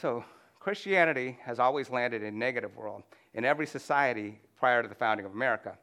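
A man's voice: medium pitch, expressive, fast talker, a bit bright. Man preaching with many fillers. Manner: conversational, many "you know" fillers and restarts. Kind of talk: sermon with slides.

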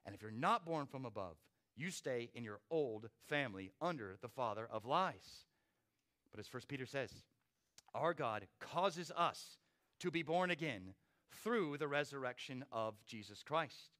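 A man's voice: medium pitch, lively intonation, a little slow, fairly bright tone. A man preaching a sermon with dramatic rises and drops in volume. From not from Australia. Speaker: pastor.

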